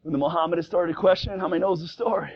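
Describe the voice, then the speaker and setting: A male preacher with a high, gravelly voice delivers a fervent sermon, dropping to quiet asides and then building to shouted exhortations. His speech is folksy and plain. The recording from the church sanctuary sounds dull and lo-fi. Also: rapid-fire. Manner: folksy plain-spoken grammar. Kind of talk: fiery Pentecostal sermon.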